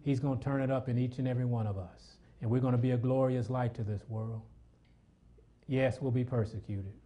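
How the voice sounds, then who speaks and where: A man's voice: medium pitch, fairly even intonation, fairly quick, mellow. A man preaching a sermon, reading scripture aloud and calling out questions to his congregation.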